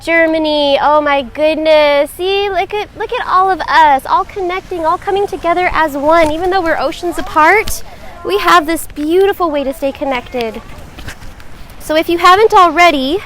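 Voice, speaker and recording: A woman's voice: high voice, normal speed, fairly bright tone, a little hiss or hum. A woman, a yoga instructor live-streaming from the beach, chatty and welcoming as she greets her viewers. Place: outdoors on a beach.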